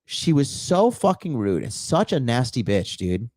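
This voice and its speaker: A man's voice: medium pitch, sing-song, a little slow, a little mellow, no echo, studio quality. A dating coach telling a personal story to his viewers in a profane, emphatic way. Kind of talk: casual storytelling monologue.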